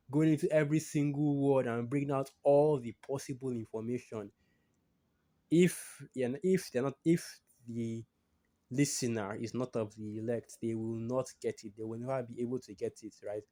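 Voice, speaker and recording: Man preacher, mid pitch, dark mellow tone, conversational scripture teaching with lots of "right?" and "okay?" tags, reads verses aloud. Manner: conversational, frequent tag questions and restarts.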